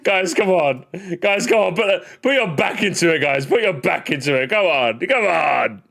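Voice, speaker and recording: A man's voice: a little high, lively intonation, normal speed, gravelly, fairly bright tone. A man hosting a casual gaming livestream, rambling jokily, repeating phrases and calling his viewers gamers. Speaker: livestream host.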